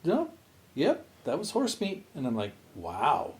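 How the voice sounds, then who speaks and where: Animated storytelling man, lively pitch. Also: measured pace. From Canada. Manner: animated storyteller, voices his friends in quotes, swears casually. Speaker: podcast co-host. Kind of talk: casual storytelling chat.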